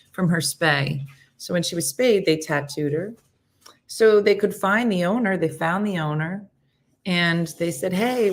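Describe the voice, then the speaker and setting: A woman hosting a morning show, chatting casually and telling a rambling, animated story with acted-out quotes. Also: fairly low pitch.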